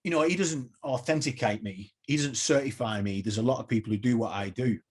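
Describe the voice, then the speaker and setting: A man tells his stories in a husky, breathy voice at an ordinary pitch. He is a podcast guest in casual chat, peppering tales with swearing and quick impressions. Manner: animated anecdotes, swearing, mimics voices. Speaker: interview guest, tribute performer. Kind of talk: casual storytelling.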